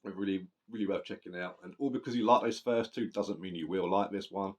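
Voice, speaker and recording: A man with a very low voice reviews a metal record in loose, rambling chat. He swears freely and keeps restarting his sentences. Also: a little fast, darkish tone, dull audio. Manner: rambling, sweary, self-correcting. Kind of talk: casual spoken album review.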